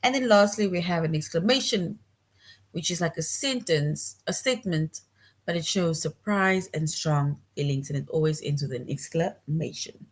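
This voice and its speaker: A woman's voice: deep voice, moderate pace. A woman teaching a grammar lesson to young children, patient and repeating her points, often checking in with "right?".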